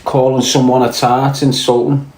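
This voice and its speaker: A man's voice: medium pitch, level tone, normal speed, darkish tone. A man with a Liverpool Scouse accent, ranting bluntly on a podcast and swearing heavily. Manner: blunt, heavy swearing, fired-up. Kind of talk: casual rant. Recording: roomy echo.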